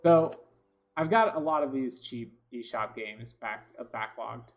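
A man's voice: mid-range voice, measured pace. A man giving casual gameplay commentary, rambling with lots of fillers and restarts, often frustrated. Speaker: gaming video host.

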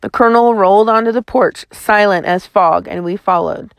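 A woman's voice: medium pitch, moderate pace, no room sound. A woman reading a chapter book aloud in a folksy first-person storytelling manner, close to the mic. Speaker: audiobook narrator.

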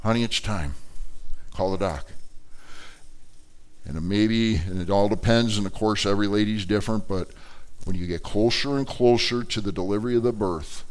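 A man's voice: lowish voice, brisk. Dramatic male preacher delivering a sermon. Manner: dramatic, swings from loud outbursts to quiet and acts out quoted voices.

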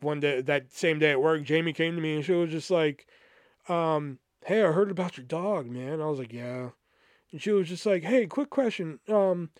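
A man with a slightly high voice tells a story in a loose, rambling way. He swears a lot and acts out both sides of old conversations. The sound is dry and close, with no room around it. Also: no room sound. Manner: profane, rambling, animated quoting of others. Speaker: podcast host. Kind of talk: casual storytelling monologue.

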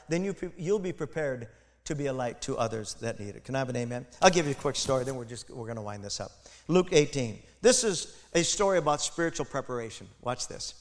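Male pastor, fairly high voice, impassioned sermon delivery, long church-hall reverb. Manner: impassioned, builds to loud emphatic peaks, asides to congregation.

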